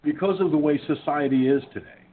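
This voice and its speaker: A man hosts an online talk radio show, chatting casually and telling stories about doing voices while chuckling at himself. He's talkative, with a slightly high voice and a slightly fast pace. The audio is tinny phone-line sound with faint noise.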